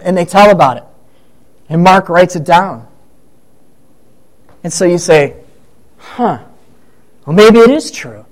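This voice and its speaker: A man's voice: high voice, a little mellow, rough recording. A man preaching a conversational sermon, acting out the voices of the people in the story as he retells it. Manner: conversational, acts out quoted voices. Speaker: pastor.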